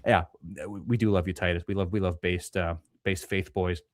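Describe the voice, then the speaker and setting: A man's voice: low voice, fairly even intonation, normal speed, no room sound, studio quality. A young man co-hosting a casual livestream, reading viewer messages aloud and answering with crude jokes. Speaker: livestream co-host reading superchats.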